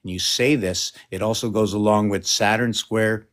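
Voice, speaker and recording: A man's voice: on the low side, fairly even intonation, moderate pace, fairly bright tone. A man giving a rambling solo monologue to camera, wandering between thoughts with restarts and asides, and at times coaxing his cat. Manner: wandering, stream-of-consciousness, frequent restarts and asides. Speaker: video creator.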